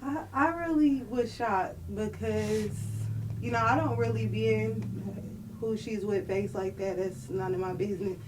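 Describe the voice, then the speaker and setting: A woman's voice: medium pitch, steady tone, unhurried, noisy background. Candid woman talking, mic far off. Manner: candid, conversational, many fillers. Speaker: guest. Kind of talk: casual podcast chat.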